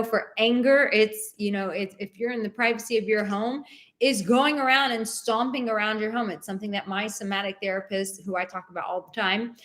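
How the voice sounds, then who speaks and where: Female live-stream advice host, a bit high-pitched, leans on repeated words, talks directly to viewers. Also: fairly bright tone. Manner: emphatic, repeats words for stress; encouraging, speaks straight to viewers. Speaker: dating and relationship advice host.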